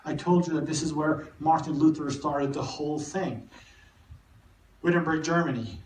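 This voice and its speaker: A man giving a live literature lecture, talking haltingly with many repeated words and restarts. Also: on the high side, fairly even intonation, a little hiss or hum. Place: cinema hall. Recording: echoey room, mic far off.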